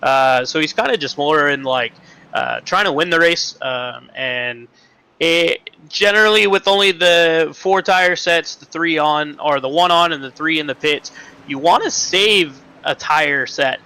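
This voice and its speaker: Brief: man, colour commentator over a glitchy online call, bright and a bit high, hesitant then quick. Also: smooth, low-quality recording. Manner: halting and filler-heavy, then quick bursts. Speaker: color commentator. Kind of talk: sim racing analysis. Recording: choppy online call line with faint noise.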